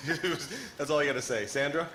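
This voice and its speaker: A man's voice: fairly high pitch, brisk, sharp tone, a little hiss or hum. Playful man hosting a live food contest. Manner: playful, teasing. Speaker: host of a food judging contest.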